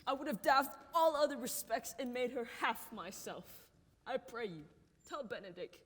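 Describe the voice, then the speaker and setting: A performer playing a noble prince who declaims his lines in a stage play, sometimes rising to a shout. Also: mid-range voice, moderate pace, lightly acted. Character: noble prince scheming with friends. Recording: reverberant hall, faint noise.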